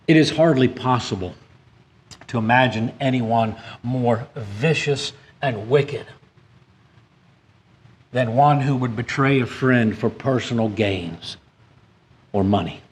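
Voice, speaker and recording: A man's voice: mid-range voice, slow, pauses often. A man preaching a sermon in a church. He reads scripture aloud and rises emphatically on key points, with some hesitant restarts.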